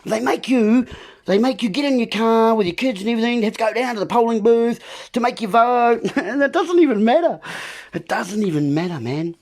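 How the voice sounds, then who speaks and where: A man's voice: very high voice, a little fast, a little mellow. A man hosting a political monologue, ranting and repeating himself as he keeps addressing his listeners as folks. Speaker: video host.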